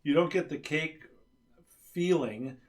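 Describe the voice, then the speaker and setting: Dry, punning dad co-host. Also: male voice, on the high side, slow pace, darkish tone. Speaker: father co-host. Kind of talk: casual chat.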